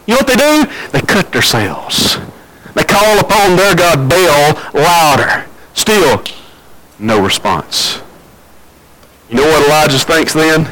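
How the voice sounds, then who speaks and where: A man preaching a sermon, telling the story with big swings between loud and quiet and repeating phrases for emphasis. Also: fairly high pitch, very animated, slow, pauses often, poor audio.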